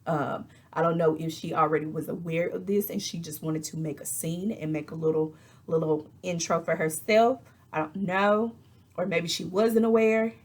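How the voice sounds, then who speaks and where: Husky, chatty woman. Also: fairly low pitch, moderate pace. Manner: chatty and animated, acting out quotes with exasperated asides. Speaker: reality TV reviewer. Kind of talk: casual chat, recapping an episode.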